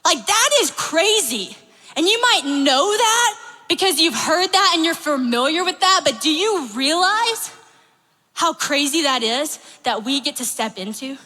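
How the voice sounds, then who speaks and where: A young woman giving a casual faith talk, chatty and animated, filling her speech with "like". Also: sits high, a little slow. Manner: chatty, animated, says "like" often. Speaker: youth speaker. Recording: roomy hall reverb.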